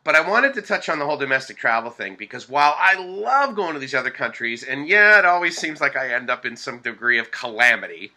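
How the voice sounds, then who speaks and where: A man's voice: mid-range voice, fairly quick, hardly any pauses, poor audio. A man from the Boston area telling a rambling travel story to camera, full of fillers and self-corrections. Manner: animated quoted dialogue. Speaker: vlogger.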